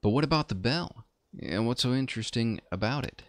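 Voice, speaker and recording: A man's voice: medium pitch, expressive, fairly quick, no room sound, voice pushed up, natural voice. A man reading a curious young adventurer's lines from a game in a near-plain voice. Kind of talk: reading game dialogue aloud.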